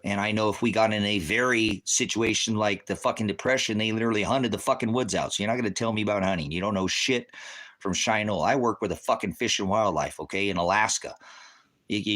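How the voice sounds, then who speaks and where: A deep-voiced man hosting a livestream who fires back at his chat. He curses freely and dismisses his commenters with blunt, combative put-downs. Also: a bit bright. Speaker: livestream host of a ministry channel. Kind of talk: profane livestream rant answering chat.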